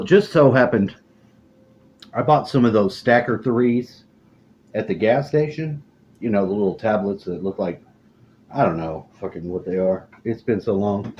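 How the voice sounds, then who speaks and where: Middle-aged man, low voice, rambling profane storytelling, deadpan, muffled lo-fi recording, faint hiss. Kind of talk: casual storytelling monologue.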